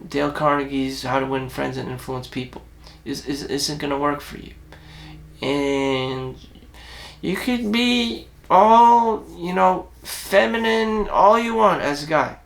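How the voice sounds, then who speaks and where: A man with a gravelly, raspy voice and a fairly high pitch for a guy. He rambles through a self-reflective monologue in a blunt, profane way. He stops and restarts his sentences often. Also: fairly bright tone. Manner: halting, with frequent restarts and fillers. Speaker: self-help vlogger.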